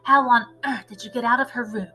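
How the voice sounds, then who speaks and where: A woman reading aloud, voicing a loving older grandmother who speaks softly. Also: a little high, fairly even intonation, brisk, low-quality recording. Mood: tender.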